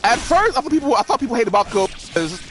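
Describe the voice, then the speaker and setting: A man's voice: very high voice, big pitch swings, quick pace, fairly bright tone, a little hiss or hum. A young man streaming a game, rambling profanely with lots of restarts and laughs. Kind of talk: casual commentary while gaming.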